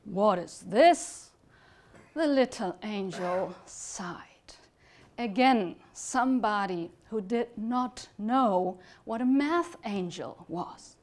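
A woman lecturer telling a fairytale at a conference talk, expressive and sometimes dropping to a whisper for effect. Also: mid-range voice, slow. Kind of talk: storytelling to an audience.

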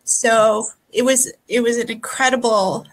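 A woman on a video call telling a personal story, emotional and near tears, speaking softly with halting pauses. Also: on the high side, fairly even intonation, poor audio. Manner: soft, halting, pausing often. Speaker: guest.

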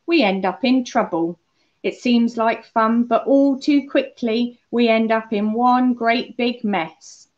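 Lady doing a kids' bible talk, fairly high voice, gentle storytelling, muffled lo-fi sound. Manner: gentle, storytelling, speaks directly to children. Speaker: children's holiday club leader. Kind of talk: children's talk on a Bible lesson. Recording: muffled lo-fi church recording.

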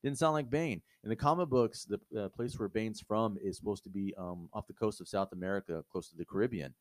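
A man's voice: lowish voice, fairly quick, no room sound. A man co-hosting a movie review show, talking bluntly and profanely in casual, opinionated chat. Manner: blunt, profane, animated ranting.

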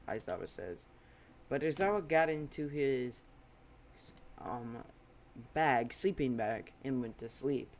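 A man's voice: medium pitch, expressive, takes it slowly, pauses often, a little hiss or hum. A man casually narrating a fan story, rambling with offhand asides.

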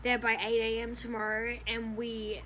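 Bubbly high-voiced Australian young woman. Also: monotone, moderate pace, a bit bright, slight background noise. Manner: bubbly, giggly, chatty. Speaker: vlogger, cheerleader. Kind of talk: casual vlog chat.

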